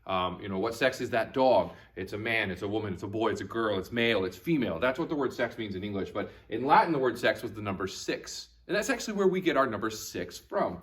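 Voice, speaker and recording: A male teacher recording a video lesson for young students. His pitch rises and falls a lot as he explains, and he repeats each word slowly and patiently. His tone is encouraging and friendly toward the class. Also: animated, fairly bright tone. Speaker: Latin teacher.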